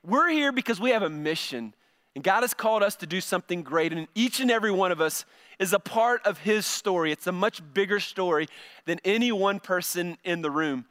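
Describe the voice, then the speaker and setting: A man's voice: high voice, animated, brisk, fairly bright tone. A middle-aged male pastor giving a conversational sermon, often repeating words as he starts a phrase.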